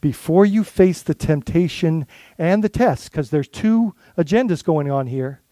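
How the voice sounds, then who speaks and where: Man, lead pastor, sermon, high mellow voice, dry sound, chatty preaching with restarts. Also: lively intonation, measured pace, no room sound. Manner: conversational preaching with frequent restarts and rhetorical questions.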